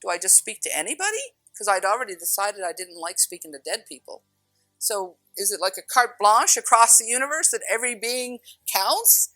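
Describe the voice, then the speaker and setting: A middle-aged woman telling a personal spiritual story in an animated way, acting out voices and laughing often. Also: mid-range voice, a little fast, no room sound, soft background music, rough recording. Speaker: spiritual speaker.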